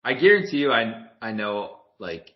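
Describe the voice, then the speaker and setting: A man's voice: medium pitch, big pitch swings, moderate pace. Man, casual podcast co-host, swears, laughs often, muffled recording. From Milwaukee. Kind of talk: casual chat. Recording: dull lo-fi podcast audio.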